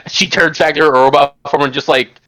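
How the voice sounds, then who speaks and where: A man's voice: fairly high pitch, fairly even intonation, fairly quick, pushed and bright, no echo. A man playing in a tabletop role-playing game over a voice call, rambling, laughing a lot, swearing and tripping over his words. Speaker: player. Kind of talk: casual play chatter on a voice call. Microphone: voice call microphone.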